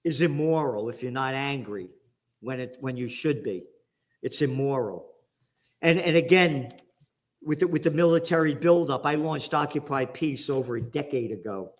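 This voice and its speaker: A man's voice: medium pitch, moderate pace. A man from the Bronx with a New York accent, a guest giving fired-up, angry political commentary.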